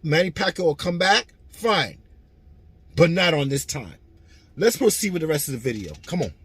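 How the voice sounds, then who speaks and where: Husky-voiced man giving frank commentary. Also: on the high side, sing-song, normal speed, fairly bright tone. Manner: frank, matter-of-fact. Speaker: channel host. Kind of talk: commentary on a clip.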